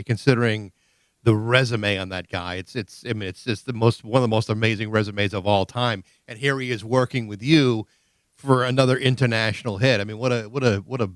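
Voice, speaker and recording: A man's voice: fairly low pitch, no echo. Enthusiastic male podcast host, dry sound. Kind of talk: conversational interview.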